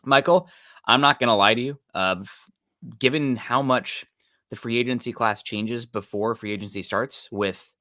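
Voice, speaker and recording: A man's voice: medium pitch, moderate pace, sharp tone, no room sound, studio quality. A man co-hosting a live sports podcast, greeting viewers and reading their comments in an easygoing way. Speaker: podcast co-host. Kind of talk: casual live-stream sports chat.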